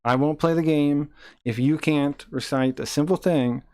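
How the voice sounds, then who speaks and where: A man's voice: a little high, steady tone, normal speed, darkish tone, no echo, clean studio sound. A man live-streaming who reads chat messages aloud and taunts a viewer in a combative way.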